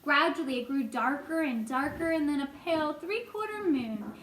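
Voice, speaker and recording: A woman reading a children's book aloud in a gentle, expressive way. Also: high voice, moderate pace. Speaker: storyteller. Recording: echoey room, faint noise.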